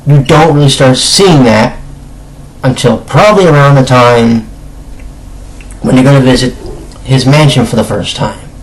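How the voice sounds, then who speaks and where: A slightly hoarse man talks through a casual video review in a middle-pitched voice. He is chatty and emphatic and often stops to correct himself mid-phrase. He clears his throat now and then. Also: measured pace, long pauses, low-quality recording. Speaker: anime reviewer.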